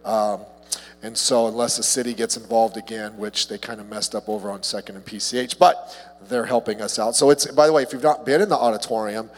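A man preaching a casual evening sermon as a pastor, chatty and humorous, with his voice jumping higher when he gets excited about a story. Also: fairly quick. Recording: long hall reverb.

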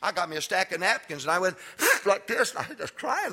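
An older man, a pastor giving a sermon that swings from loud emphatic preaching to folksy storytelling. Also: high voice, sing-song, fairly quick, hardly any pauses. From Texas.

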